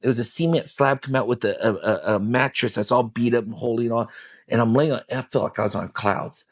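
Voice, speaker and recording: A man guesting on a podcast tells an intense personal story, speaking a little fast at medium pitch with no room sound in the recording. His delivery is emphatic, and he swears freely.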